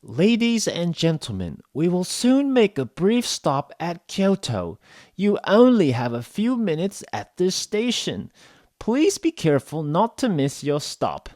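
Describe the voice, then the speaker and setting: Man putting on a raised, deliberate female station announcer voice, formal and measured. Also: high voice, sing-song, a little mellow, no echo, clean studio sound, voice pushed up. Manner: slow, over-precise announcement delivery. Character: polite female bullet-train announcer, slow and careful.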